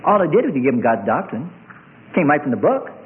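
A man's voice: very animated, fairly quick, a little hiss or hum. Fiery preacher man, tinny lo-fi sound. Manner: rousing, sing-song, swings from loud high cries to low murmurs. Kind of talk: fiery sermon.

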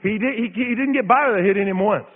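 A man from Idaho preaching a sermon, telling a story in an animated, dramatic way with lots of repetition. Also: sits high, fast, long reverb tail, narrow, tinny audio. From Idaho, USA.

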